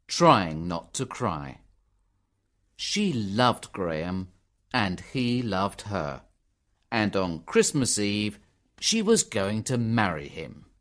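Guy reading an english learner story, slow and clear, very expressive. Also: fairly low pitch. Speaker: narrator. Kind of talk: graded reader audiobook narration.

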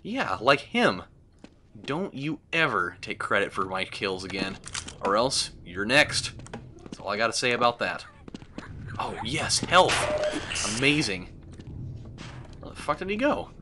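A young man narrates his gameplay with sarcasm, swearing and sudden excited outbursts. His pitch swings widely and stays mid-range. Steady noise and clicks sit under the voice. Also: a little slow, pauses often. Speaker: let's play host. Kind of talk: gameplay commentary.

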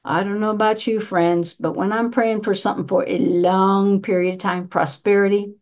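A woman's voice: mid-range voice, steady tone, moderate pace, darkish tone, lo-fi sound. A woman minister giving a sermon in a conversational style, asking rhetorical questions and repeating her key phrases for emphasis. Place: church sanctuary.

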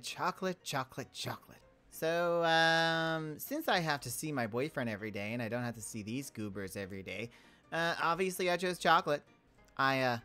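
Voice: mid-range voice, fairly bright tone. A video game creator giving casual, rambling commentary full of jokes and self-interruptions while building. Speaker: Minecraft let's play creator.

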